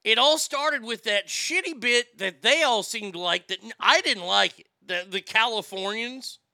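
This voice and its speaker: Male stream host, profane ranting chat; smooth, clear voice, dry close sound. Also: sits high, moderate pace, bright, forceful tone, no room sound. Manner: ranting, profane, reads viewer comments aloud. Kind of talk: casual live stream chat.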